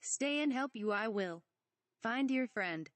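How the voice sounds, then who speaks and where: A woman's voice: on the high side, animated, slow, no room sound. Woman reading as a tiny mischievous old swamp creature. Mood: teasing. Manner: speaks with inverted word order. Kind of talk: reading a fan parody script aloud.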